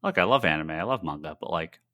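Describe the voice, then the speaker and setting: A man's voice: sits low, lively intonation, quick pace, noisy background. A man with a Boston accent co-hosting a podcast, talking in a loose, rambling way with plenty of "uh"s and casual swearing. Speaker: podcast co-host. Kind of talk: casual chat.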